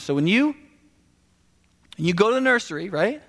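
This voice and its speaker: A man preaching a sermon in a casual, animated, conversational way, often restarting sentences and adding asides. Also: high voice, normal speed, long pauses. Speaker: pastor. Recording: echoey hall with long reverb.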